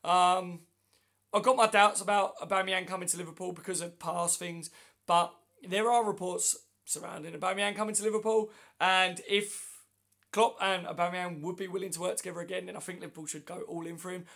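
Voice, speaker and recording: Male stream host, high-pitched and gravelly, hoarse with flu, chatty and matey with viewers. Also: flat delivery, a little fast, a bit bright. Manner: chatty, matey, answers comments one by one. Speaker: livestream host. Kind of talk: casual livestream chat reading viewer comments. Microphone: phone.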